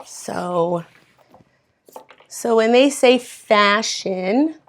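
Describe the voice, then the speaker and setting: A woman's voice: medium pitch, extremely slow. A woman from Mexico teaching an English as a second language class, reading from a textbook and patiently explaining words step by step.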